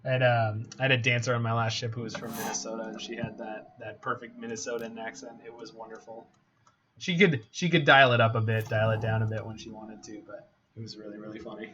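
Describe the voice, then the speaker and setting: A man from Canada giving casual gameplay commentary, chatty and joking as he thinks out loud. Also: fairly low pitch, level tone, fast talker. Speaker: game streamer. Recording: slightly muffled with faint hiss.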